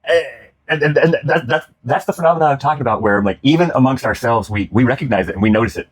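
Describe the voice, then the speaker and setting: Here a man with a medium-pitched voice talks fast as he hosts a loose conversation about comedy clips. He keeps restarting, swearing and laughing as he rambles on.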